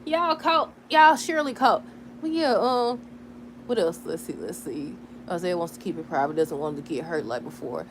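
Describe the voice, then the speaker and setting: A woman in casual chat recapping a soap opera episode, animated, laughing and talking back to the characters. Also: deep voice, normal speed, noisy background. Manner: chatty, talks back to the characters.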